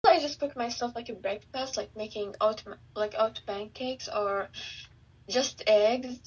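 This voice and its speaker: A teenage girl speaking as a podcast guest, earnest and soft-spoken, hesitating with "like" fillers. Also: fairly high pitch, unhurried, breathy edge, muffled recording. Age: teens. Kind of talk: casual podcast interview.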